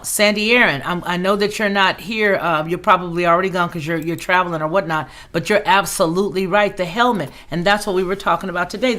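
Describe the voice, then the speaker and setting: A woman's voice: fairly low pitch, sharp tone. A woman hosting a casual livestream, chatting and reading viewer comments aloud in an outspoken, conversational way. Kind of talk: casual live-chat talk.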